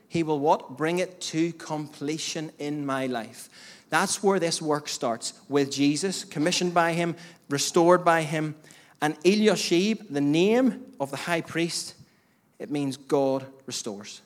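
A man preaching a sermon as pastor, speaking emphatically with repeated phrases and direct address to the congregation. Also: fairly high pitch. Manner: emphatic preaching with rising bursts and repetition.

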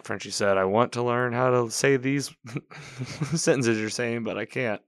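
A man's voice: medium pitch, measured pace, dry recording, studio quality. A man casually recapping a TV episode, talking in a rambling way, correcting himself and quoting the characters as he goes.

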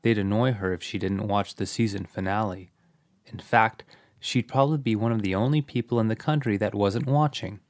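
A man's voice: on the low side, normal speed. A man narrating a comic story in a dry, matter-of-fact way.

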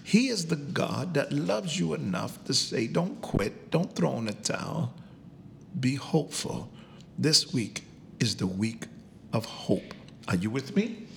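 A man preaching a sermon as pastor. He calls out to the congregation, swings up to loud cries and drops down to near whispers. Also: medium pitch, sing-song, slow, creaky, a little hiss or hum. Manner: preaching with call and response, rising to shouts and dropping to whispers.

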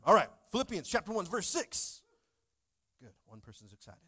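Animated joking pastor. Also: male voice, high voice, moderate pace, husky. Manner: joking, animated, talks to the congregation. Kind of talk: casual sermon.

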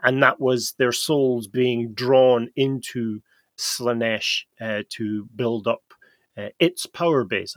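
A man hosts a casual podcast, laying out lore at an unhurried, deliberate pace. His voice sits at a middle pitch and the room sounds dry and close. He explains patiently, with the odd filler. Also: fairly bright tone, dry recording. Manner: slow, explanatory storytelling with fillers.

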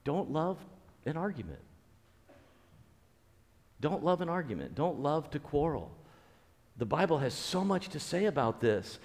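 A man's voice: fairly high pitch, sing-song, a little slow, pauses often. Earnest preacher man in a reverberant hall. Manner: earnest, repeats key phrases, frequent restarts. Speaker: pastor. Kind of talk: conversational sermon.

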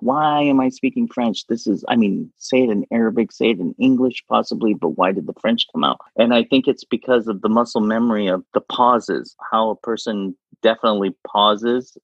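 Jokey husky man, dry lo-fi sound. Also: on the low side, no room sound. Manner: jokey, laughs often, restarts. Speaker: podcast guest. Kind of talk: casual interview chat. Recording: dull lo-fi sound.

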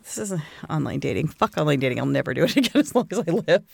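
A woman's voice: big pitch swings, fast talker, gravelly, a little mellow, husky, dry recording. A woman in her forties co-hosting a podcast, chatting casually and acting out quotes in her stories. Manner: chatty storyteller, acts out quotes with big pitch jumps. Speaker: podcast co-host. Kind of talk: casual chat.

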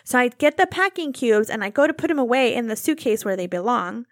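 A young woman telling a long, animated story about a domestic squabble, acting out both sides of the argument. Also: on the high side, fairly quick, no echo, studio quality. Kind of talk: casual storytelling chat.

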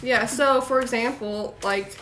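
A woman's voice: on the high side, a little slow, a bit bright. A young woman hosting a casual podcast, chatting and explaining things step by step. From United States. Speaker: podcast host. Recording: noisy amateur recording.

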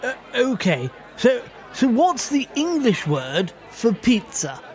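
A man's voice: very high-pitched, huge pitch swings, slow, a little mellow, some chatter behind, exaggerated voice. A man playing a clueless, bumbling diner who stammers and blusters. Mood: blustering.

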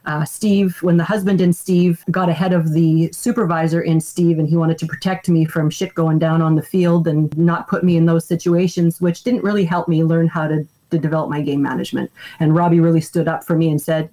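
A middle-aged woman umpire talking candidly in a casual podcast interview, telling stories with lively retellings. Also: deep voice, fairly quick, hardly any pauses. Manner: candid storyteller, animated retelling of anecdotes. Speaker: baseball umpire and umpire association president.

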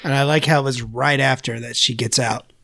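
A man co-hosting a film podcast, chiming in with short agreeing remarks and quick asides in casual chat. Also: mid-range voice, fairly even intonation, creaky, fairly bright tone, no echo, studio quality. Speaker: podcast co-host.

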